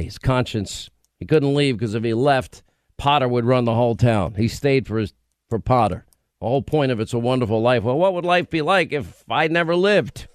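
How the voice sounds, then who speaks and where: A middle-aged man hosting a radio talk show, telling stories in a rambling, animated way. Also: mid-range voice, no room sound, clean studio sound. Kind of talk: casual talk radio banter.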